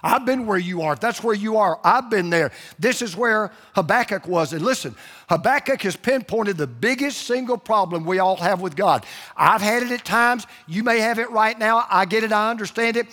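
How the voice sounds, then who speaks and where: High-voiced preacher in a reverberant hall. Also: male voice, bright, forceful tone. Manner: emphatic preaching, slowing down to stress key phrases. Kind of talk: sermon.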